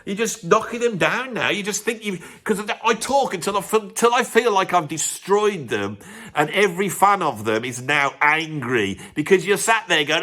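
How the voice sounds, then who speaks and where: A man's voice: sits high, animated, normal speed, bright, forceful tone. A man, a musician hosting his own video channel, ranting in a mock-pompous, self-mocking way. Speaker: YouTube host and professional drummer. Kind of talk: sarcastic comedic rant to camera.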